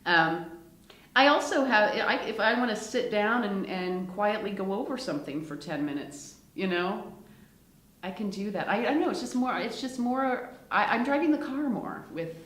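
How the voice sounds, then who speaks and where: An actress chatting casually in an interview, laughing often and using plenty of fillers. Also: female voice, medium pitch, expressive, normal speed, fairly bright tone. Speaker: actress in a one-woman show. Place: lounge at a theater. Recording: roomy echo.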